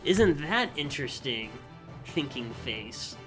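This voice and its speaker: A man's voice: medium pitch, sing-song, takes it slowly, loud music behind the voice. Chatty man commenting on gameplay. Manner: chatty, amused, thinking aloud. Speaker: streamer.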